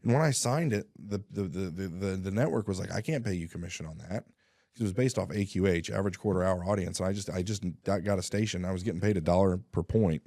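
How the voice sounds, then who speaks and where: A man telling his life story in a casual interview, animated, acting out dialogue and often clearing his throat. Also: sits low, no room sound, clean studio sound. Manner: animated, acts out dialogue with quick voice shifts; frequent throat clearing and restarts.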